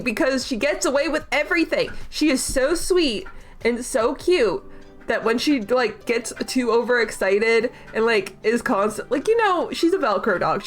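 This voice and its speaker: A young woman hosts a casual livestream and rambles freely, with plenty of fillers and giggles. Her voice sits fairly high for a woman. Faint music plays beneath her talk. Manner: giggly, rambling, laughs often. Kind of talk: casual chat stream.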